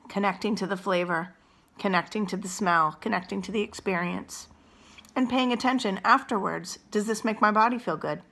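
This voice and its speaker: Middle-aged female wellness coach, bright tone, gentle unhurried guidance, talks while chewing. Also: medium pitch. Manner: eats and chews while talking. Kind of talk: guided mindful eating demonstration.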